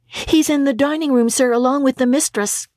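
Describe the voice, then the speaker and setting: A woman's voice: high voice, steady tone, moderate pace, a little mellow, no room sound, studio quality, voice pushed up, lightly acted. A woman voicing a timid, polite young housemaid.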